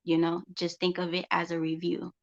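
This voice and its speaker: A woman with a gravelly, fry-edged voice talks casually as a homeschooling mother on her vlog. She circles back to her phrases to drive them home. The sound is dull and lo-fi. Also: lowish voice, monotone, normal speed. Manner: conversational, repeats phrases for emphasis. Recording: dull lo-fi recording.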